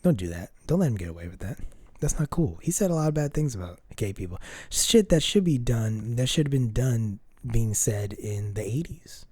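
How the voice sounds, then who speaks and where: A man with a very deep, mellow timbre rants through a casual solo podcast. He talks in an opinionated way, stopping and restarting and swearing. His voice sounds close and dry, with almost no room around it. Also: lively intonation, normal speed, husky, no echo. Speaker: podcast host.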